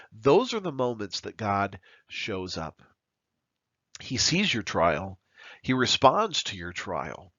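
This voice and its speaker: Earnest male preacher, lively delivery. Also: fairly low pitch, no room sound, lo-fi sound. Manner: earnest, emphatic preaching with dramatic pauses. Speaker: pastor. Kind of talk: sermon.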